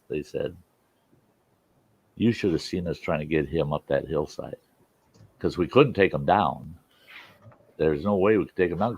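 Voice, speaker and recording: A man hosting a show and telling old stories in a casual way, who often chuckles and pitches his voice up to act out what other people said. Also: gravelly, darkish tone, slightly rough. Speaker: storytelling host. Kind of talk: casual storytelling. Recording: dull lo-fi sound.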